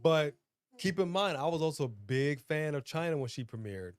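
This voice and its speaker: A man co-hosting a casual wrestling chat show, talking in an emphatic, animated, slangy way. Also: on the high side, normal speed, clear, resonant tone. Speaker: podcast co-host.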